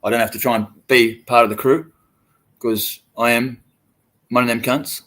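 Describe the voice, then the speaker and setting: A man's voice: mid-range voice, steady tone, normal speed, a bit bright. A young Australian man livestreaming, talking to his chat in a profane, taunting and swaggering way. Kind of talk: live stream rant to chat.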